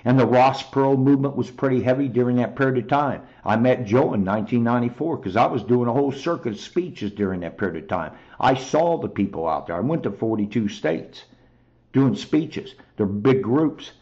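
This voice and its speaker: A man's voice: mid-range voice, animated, brisk, a little mellow, muffled recording. A man hosting a talk show, delivering an angry, profane monologue straight to his listeners. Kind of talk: heated monologue.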